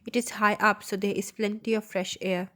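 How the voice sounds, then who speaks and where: A woman's voice: mid-range voice, little pitch movement, moderate pace, sharp tone, close to an everyday voice. A woman reading the lines of a small, kind male bird in a storybook, plain and wondering.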